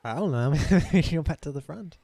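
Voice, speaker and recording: A man runs a tabletop game in a casual, halting way, laughing between lines. His voice sits a bit high and is recorded close and dry. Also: animated, vocal fry, dark tone, dry recording. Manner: casual, hesitant, giggly. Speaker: game master.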